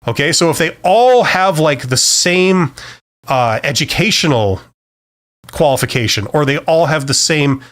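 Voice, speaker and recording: A man's voice: on the high side, animated, unhurried, a bit bright. A middle-aged man hosting a live-stream Q&A, giving career advice in a loose, conversational way full of fillers and restarts. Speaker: career advice host answering viewer questions.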